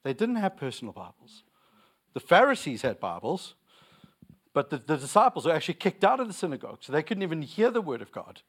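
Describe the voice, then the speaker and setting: A man's voice: a little high, big pitch swings, brisk, fairly bright tone, slightly rough. A young man preaching a sermon, repeating lines for emphasis and telling stories with laughter.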